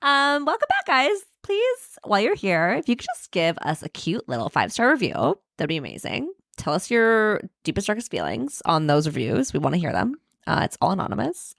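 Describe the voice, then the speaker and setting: Bubbly, lively woman podcast host. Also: mid-range voice, fairly quick, vocal fry, dry recording, clean studio sound. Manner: bubbly, laughs often, lively delivery. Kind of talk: casual podcast chat.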